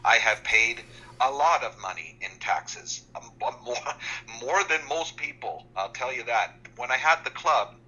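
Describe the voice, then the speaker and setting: A man calling in to a chat show, speaking in a measured, matter-of-fact way. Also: mid-range voice, expressive, sharp tone, breathy edge, lo-fi sound. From Canada. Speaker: caller. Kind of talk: casual chat.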